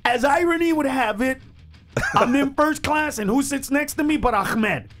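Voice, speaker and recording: A middle-aged male comedian telling an animated comic story as a studio guest, laughing often and acting out other people's voices. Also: very high-pitched, moderate pace, heavy background noise. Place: radio studio.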